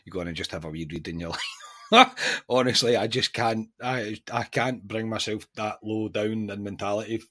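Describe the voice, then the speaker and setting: A man's voice: fairly low pitch, normal speed, bright, forceful tone. A Scottish man hosting a podcast, chatting casually and animatedly with frequent restarts and exasperated opinions. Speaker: podcast host.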